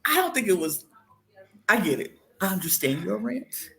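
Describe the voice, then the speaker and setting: A woman co-hosting a podcast, ranting in an animated, casual way with lots of slang. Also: mid-range voice, moderate pace, gravelly. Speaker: podcast co-host.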